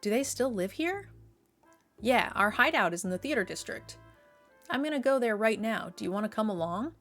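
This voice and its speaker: A woman's voice: on the high side, expressive, moderate pace, fairly bright tone, soft background music. A woman voicing a cocky, friendly young male thief in her own everyday voice. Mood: breezy.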